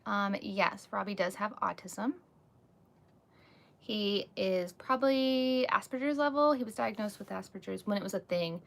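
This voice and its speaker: A woman hosts a casual live stream on a phone or webcam, speaking a little slowly in a mid-range, gravelly yet fairly bright voice. Candid and chatty, she reads out viewer comments and uses lots of "like" and "um."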